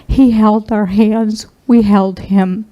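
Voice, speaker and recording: A middle-aged woman minister giving a sermon, telling a personal story in a tender, heartfelt, halting way. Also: mid-range voice, fairly even intonation, highs cut off.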